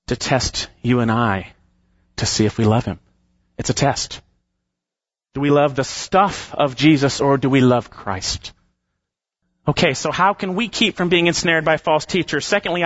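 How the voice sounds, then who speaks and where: A man preaching an expository sermon, emphatic, slowing down and dropping his voice at the ends of phrases. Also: high-pitched, a bit bright, no room sound, muffled recording. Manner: emphatic preaching with slowed, falling phrase endings. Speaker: pastor.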